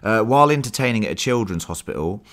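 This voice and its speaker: A man hosting a casual film discussion podcast, animated and swearing freely as he recaps the plot. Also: lowish voice, fast talker. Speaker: podcast host.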